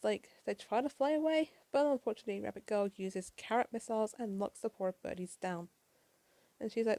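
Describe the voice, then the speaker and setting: A tired woman rushes through a casual late-night comic review, apologizing and swearing as she goes. Her voice is gravelly, mellow and a bit high, and the sound is dry and close. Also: no room sound.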